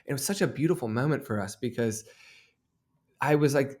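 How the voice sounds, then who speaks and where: A man's voice: mid-range voice, moderate pace, long pauses, darkish tone. A man in his thirties, an author and guest, telling a story in an earnest, reflective way. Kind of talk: conversational interview.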